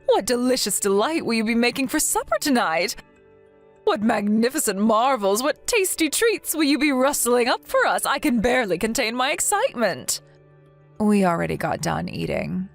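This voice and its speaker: A woman's voice: fairly high pitch, sing-song, normal speed, gravelly, faint music behind, pitched above the performer's own voice. Woman doing a nasty older mother-in-law, syrupy and mocking, text story read-out. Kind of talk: text-message story reading.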